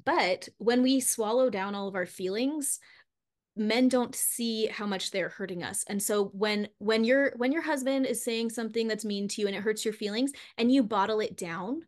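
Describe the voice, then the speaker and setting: In a podcast interview, a woman author opens up candidly and emotionally about her feelings, leaning on lots of fillers. Her voice is fairly high and moves at a normal speed.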